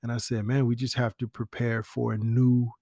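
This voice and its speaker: A man telling stories about a late friend in a casual, animated way, with slang and whispered asides. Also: mid-range voice, moderate pace, gravelly, no echo, clean studio sound. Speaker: friend giving a spoken tribute. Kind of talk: casual storytelling.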